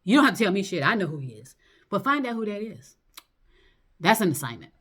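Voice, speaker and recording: A woman's voice: medium pitch, very animated, brisk, a bit bright, breathy edge. A woman talking in a loose, rambling monologue, full of fillers, restarts and swearing. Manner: rambling, loose and profane, lots of fillers and laughs.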